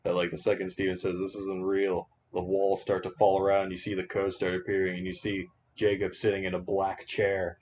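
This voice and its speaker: Male podcast co-host, low-pitched, playful scenario-teller, slight noise behind. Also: monotone, brisk, hardly any pauses, a little mellow. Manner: spins silly hypothetical scenarios, laughs often. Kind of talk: casual chat among friends.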